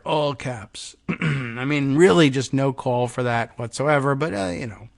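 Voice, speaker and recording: A man's voice: medium pitch, a little slow, vocal fry, no room sound, studio quality. A man hosting a political talk show, giving loose, sarcastic commentary with mocking asides. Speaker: political podcast host. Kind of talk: talk-radio style news commentary.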